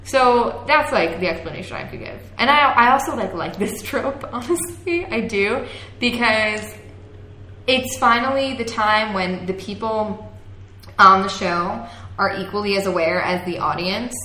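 A young woman co-hosting a podcast, chatting casually at an average pitch with plenty of "like" and quick laughs. Her voice carries a noticeably echoey room sound. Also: bright, forceful tone. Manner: chatty, laughs often, fillers of "like". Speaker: podcast co-host. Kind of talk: casual chat about a TV show.

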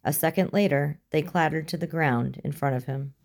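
A woman reading a story aloud as narrator, in a steady, even manner. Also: deep voice, normal speed, gravelly. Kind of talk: audiobook narration.

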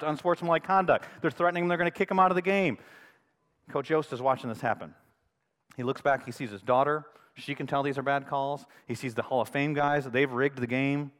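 A middle-aged male pastor preaches a sermon in a church sanctuary, telling stories with rising excitement. His voice sits a bit high for a man and trails off into a long hall reverb. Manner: storytelling, builds to loud excited outbursts.

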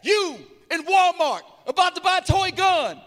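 A menacing bullet mocking its victims in shouted bursts, as a man performs it in spoken word. The voice is very high and bright. It rings through a big reverberant hall with faint music underneath. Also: animated, moderate pace. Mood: taunting. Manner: taunting, declaiming in shouted bursts.

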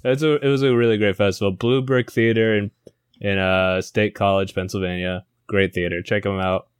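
A young man tells a silly story at a rambling, laughing clip on a comedy podcast. His voice sits low and sounds smooth and resonant. The recording is dry and close. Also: steady tone, moderate pace, no echo. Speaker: improv comedy podcast co-host. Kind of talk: casual improv pitch and storytelling.

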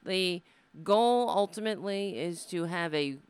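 A woman hosts her own live comedy show, rambling and swearing into a desk mic. Her voice sits low but swoops a lot as she goes. The tone is smooth and clear. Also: expressive, a little slow, no room sound. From Brooklyn, USA. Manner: profane, sardonic, rambling. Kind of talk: casual live-stream monologue. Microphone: desk microphone.

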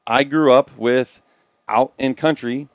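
A man's voice: mid-range voice, fairly even intonation, takes it slowly, no room sound. A man co-hosting a podcast, speaking in casual, earnest chat and acting out the people in his stories. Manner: earnest storyteller acting out quoted dialogue. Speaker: podcast co-host.

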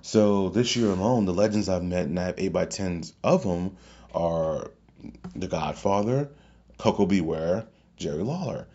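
A man hosting a podcast, telling a long casual story in a rambling, excitable way with many fillers and restarts. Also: low voice, unhurried, dull audio. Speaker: podcast host.

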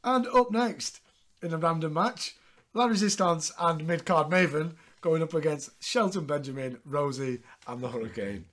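Chatty man with a raised pitch. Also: moderate pace, a bit bright. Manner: chatty, sweary, laughs often. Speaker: podcast host. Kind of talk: casual recap chat.

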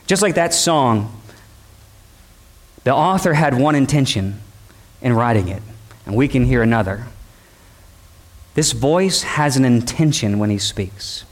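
A man's voice: mid-range voice, lively intonation, unhurried, long pauses. A man preaching a sermon, building it from impassioned, repeated rhetorical questions.

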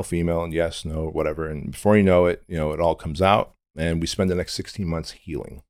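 A man's voice: sits low, no echo, studio quality. A middle-aged man from Armenia, a podcast guest telling his story in a blunt, intense, candid way with casual swearing.

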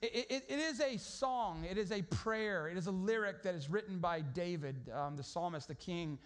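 High-voiced pastor, casual sermon. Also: male voice, moderate pace. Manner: conversational, storytelling, many restarts.

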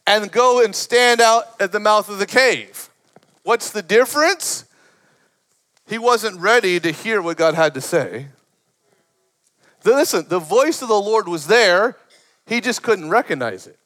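A man preaching a sermon with passion, rising to shouts and dropping in short laughs between points. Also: high-pitched, expressive, unhurried, long pauses. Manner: impassioned preaching that builds to shouts. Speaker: pastor.

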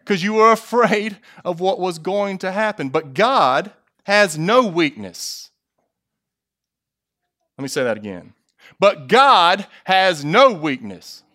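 A man preaching a sermon, stressing key phrases slowly and putting questions to the congregation, with jokey asides. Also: high voice, sing-song, bright, forceful tone. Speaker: pastor.

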